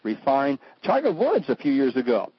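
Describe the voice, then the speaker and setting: A man's voice: huge pitch swings, normal speed, a little hiss or hum. A man chatting flamboyantly on a radio show, joking and breaking into mock voices. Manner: flamboyant, jokey, swoops into high mock voices. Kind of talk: animated talk-radio chat. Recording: dull lo-fi radio audio.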